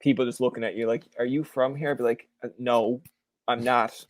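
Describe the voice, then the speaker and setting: A man's voice: mid-range voice, fairly quick, no room sound. A young man from Canada hosting a podcast, chatting casually and acting out the people in his stories. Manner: animated storyteller, acts out quoted people. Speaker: podcast host. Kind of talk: casual chat.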